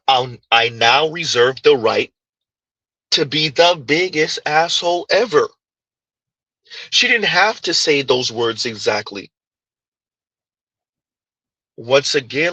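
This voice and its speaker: An animated man delivering reaction commentary at a slow, deliberate pace. His voice is forceful and a little husky. The sound is close and dry. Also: a little high, no room sound, highs cut off. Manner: animated, emphatic, repeats points. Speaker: commentary channel host.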